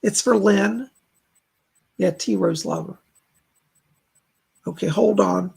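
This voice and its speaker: A man with a very gravelly, rough-edged voice hosts a live stream of psychic readings. He talks in a chatty way, full of fillers, as he passes along messages. His tone is husky rather than clean. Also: sits high, takes it slowly, a little mellow. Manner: chatty, relays spirit messages with many fillers. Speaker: psychic reader and host.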